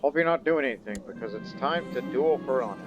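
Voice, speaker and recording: A man's voice: medium pitch, expressive, fast, music in the background. A man casually commenting on his own strategy game as he plays, thinking aloud with chatty asides. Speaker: game streamer.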